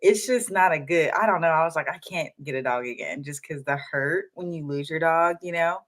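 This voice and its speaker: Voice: mid-range voice, a little fast, a bit bright. A podcast co-host in casual chat, speaking reflectively and adding short agreements.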